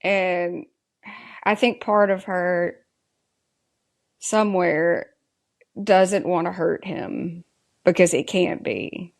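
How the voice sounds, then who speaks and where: Woman podcast co-host, unhurried, casual recap chat. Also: lowish voice, vocal fry. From Southern US. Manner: unhurried, reads scene dialogue aloud.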